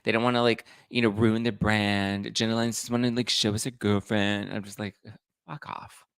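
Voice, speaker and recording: A man's voice: lowish voice, level tone, a little fast, clean tone, no room sound, studio quality. A man hosting a live pop culture chat, reading viewer comments and acting out quotes in a chatty, camp way. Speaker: host.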